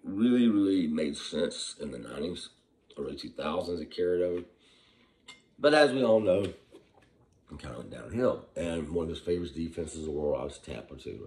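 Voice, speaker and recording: A man's voice: extremely low pitch, a little mellow, a little hiss or hum. A man ranting about football, heated and profane, firing off rhetorical questions while hungover. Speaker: football commentator. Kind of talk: profane sports rant.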